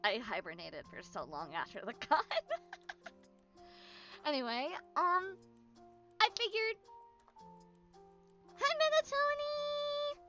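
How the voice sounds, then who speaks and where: A woman's voice: on the high side, wildly swooping pitch, measured pace, long pauses, bright, forceful tone, soft background music. A woman chatting casually on a stream as a VTuber, bubbly and chatty but tired and yawning.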